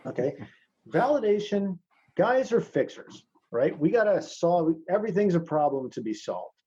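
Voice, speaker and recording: Give me a blunt, casual man teaching over a call, with a warm voice and dull, muffled audio. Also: a little high, breathy edge. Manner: blunt, swears freely, talks to listeners as "man". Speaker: presenter teaching a masterclass.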